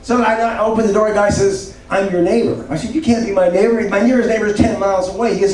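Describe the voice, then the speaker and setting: A man's voice: high-pitched, fairly even intonation, quick pace, few pauses, darkish tone, a little hiss or hum. A man in his seventies doing a self-mocking, rambling stand-up set. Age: 70s. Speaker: stand-up comedian. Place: comedy club stage. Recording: echoey club, distant mic, audience. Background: crowd laughter.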